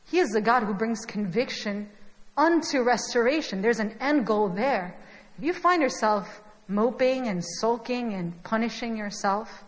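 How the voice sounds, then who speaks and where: Young female preacher, chatty and animated, a touch high-pitched, heard in a reverberant church hall. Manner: animated, chatty storytelling with asides to the congregation. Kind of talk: conversational sermon.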